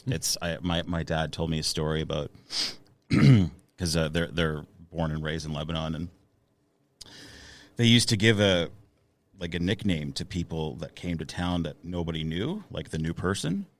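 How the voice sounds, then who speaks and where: A man's voice: a bass voice, normal speed, no room sound. A man in his thirties, a musician guest on a casual podcast, talking with hesitant fillers and restarts.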